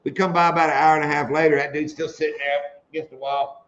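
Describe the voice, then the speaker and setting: A man's voice: a little high, flat delivery, fast, fairly bright tone, lo-fi sound. A man hosting a casual live stream, telling jokes and laughing at them. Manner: joking storyteller, laughs at own jokes.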